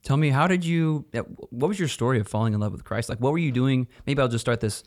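A man's voice: mid-range voice, quick pace, no room sound, studio quality. A man hosting a podcast, upbeat and jokey, introducing his guests and asking questions. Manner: upbeat, jokey, talking with his mouth full. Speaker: podcast host. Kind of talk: casual podcast chat.

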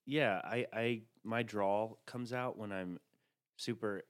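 A lower-voiced man from Tennessee hosts a podcast. He speaks at a steady, easygoing pace and asks his questions plainly, keeping an even tone throughout. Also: clear, resonant tone. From Chattanooga, Tennessee. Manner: calm, even and unhurried delivery. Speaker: podcast host. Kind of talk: casual interview chat.

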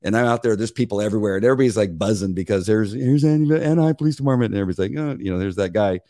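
A middle-aged man co-hosting a casual chat, telling animated stories, acting out voices and laughing often. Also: fairly low pitch, racing, dry recording, studio quality. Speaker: podcast co-host.

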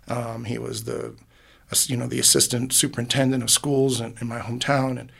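A man's voice: mid-range voice, little pitch movement, brisk, gravelly, fairly bright tone, slightly rough. A middle-aged man, a musician, talking in a rambling, heartfelt way in a casual interview. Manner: rambling and heartfelt, many restarts. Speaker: musician guest. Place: podcast booth.

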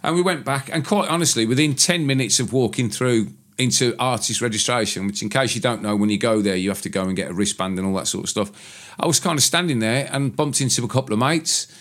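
A man, a tattoo artist co-hosting a show, chatting in a relaxed way and chuckling often. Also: medium pitch, quick pace. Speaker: tattoo artist and podcast co-host. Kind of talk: casual chat.

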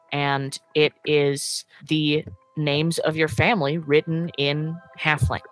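Low-voiced woman game master. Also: a bit bright, poor audio. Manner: chatty, quick, laughing often. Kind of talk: narrating a tabletop game.

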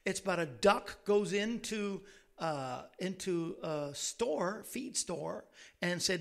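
A man's voice: sits high, sing-song, slow pace, vocal fry, a bit bright. A man hosting a talk show, telling rambling stories in a casual way and laughing at his own jokes. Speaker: radio show host. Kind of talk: casual chat.

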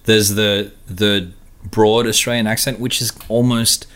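A man with a slightly low voice chatting on a podcast. He tells stories with energy and slips into imitations of accents as he goes. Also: unhurried. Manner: animated storyteller, imitates accents. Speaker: podcast co-host. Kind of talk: casual chat.

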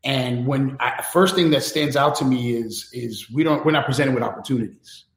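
A man's voice: medium pitch, moderate pace, echoey room. A man, a technology strategist, talking candidly and with energy in a casual interview, often checking in with "right?". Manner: candid, animated, many restarts and "right?" tags. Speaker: guest, enterprise technology strategist.

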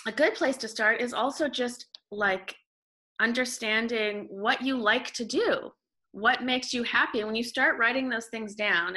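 Woman guest, Canadian-born, bright, forceful tone, animated storyteller who restarts sentences. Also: medium pitch. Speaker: podcast guest, author. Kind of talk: casual interview talk.

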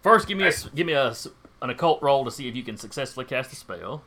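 A man's voice: mid-range voice, animated, fast, bright, forceful tone. A man running a tabletop game as game master, reading out rules plainly and asking players for rolls. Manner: reads rules aloud, plain and matter-of-fact.

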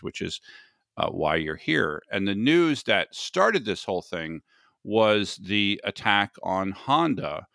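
Man, podcast host, low voice, gravelly, dry close sound, casual talk. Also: big pitch swings, unhurried, sharp tone, dry recording. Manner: conversational, with frequent restarts.

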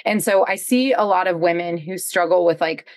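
A woman guest on a podcast, talking about parenting and business in an upbeat, reflective way with quick asides. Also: fairly low pitch, no room sound. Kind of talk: reflective conversational interview.

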